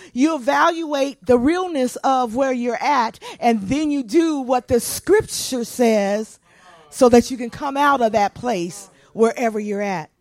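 A woman's voice: high-pitched, dry recording, studio quality. A woman pastor preaching a sermon in a folksy, emphatic way.

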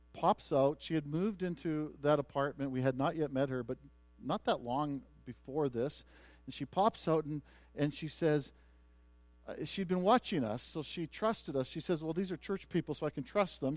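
A man's voice: on the high side, a little mellow, no room sound. A man preaching a sermon as pastor, telling a story with many restarts and building to emphatic points.

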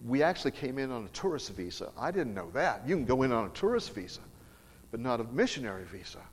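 A man's voice: mid-range voice, big pitch swings, fast, breathy edge. A middle-aged man preaching, telling a personal story in an emphatic, earnest way. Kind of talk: storytelling sermon. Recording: long reverb of a large hall.

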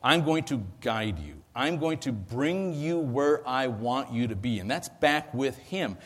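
A man's voice: medium pitch, animated, measured pace, fairly bright tone. A pastor preaching a conversational sermon, asking his listeners questions. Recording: long hall reverb.

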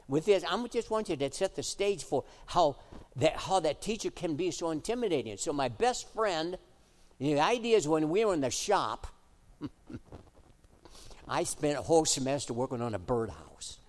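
A middle-aged male pastor preaching a sermon, switching between emphatic exhortation and quiet, chatty storytelling. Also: on the high side, lively intonation, moderate pace. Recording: echoey hall reverb.

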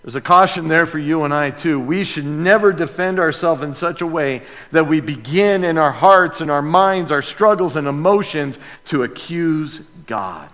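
A male pastor preaching a sermon in a church, emphatic and dramatic, dropping to quiet asides and then rising to loud outbursts. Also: fairly high pitch, normal speed, hardly any pauses. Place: church sanctuary with a sound booth. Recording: long reverb in a large hall.

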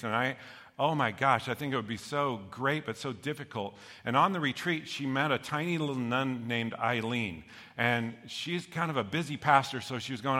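A middle-aged male pastor preaching a sermon to his congregation, lively and jokey, often checking in with "okay?". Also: mid-range voice, long reverb tail. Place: church sanctuary.

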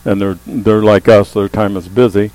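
Preaching male pastor, low voice, hum. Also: level tone, normal speed, darkish tone, no echo, poor audio. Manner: preaching with rising emphatic calls. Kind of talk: sermon. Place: church sanctuary. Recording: mains hum under the voice.

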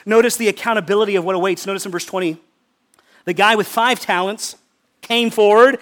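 High-voiced man preaching a sermon. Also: fairly bright tone. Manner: emphatic, repeats words for stress. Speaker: pastor.

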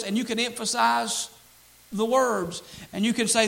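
High, gravelly-voiced preacher man. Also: fairly even intonation, normal speed, fairly bright tone, poor audio. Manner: earnest preaching, repeats key phrases, quotes scripture. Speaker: pastor. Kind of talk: sermon.

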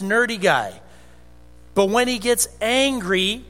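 A man preaching a conversational, animated sermon as a pastor in a church sanctuary. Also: high voice, normal speed. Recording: long hall reverb with faint music.

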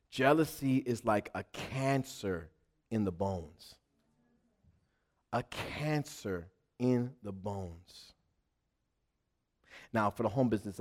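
A man preaching a sermon as pastor, animated, acting out little voices in his examples, with frequent restarts. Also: fairly low pitch.

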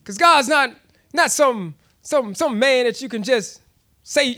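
A man preaching a sermon, telling a personal story with frequent laughter and animated, repeated restarts. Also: very high voice, unhurried. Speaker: pastor.

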